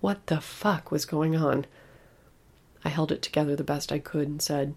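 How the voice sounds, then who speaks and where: A woman narrating a first-person horror story in a steady, flat storytelling manner. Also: low-pitched, moderate pace, gravelly, breathy edge.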